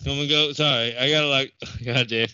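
Bright, clear-voiced man swearing and laughing. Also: medium pitch, fairly even intonation, brisk, no echo, muffled recording. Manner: laughs often, swears freely. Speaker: prank caller, stream host. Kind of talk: casual banter with prank calls.

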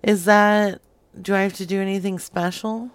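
A woman's voice: mid-range voice, flat delivery, moderate pace, smooth, no room sound. A woman chatting casually on a stream, giggling a lot and slipping into whispered asides. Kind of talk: casual chat.

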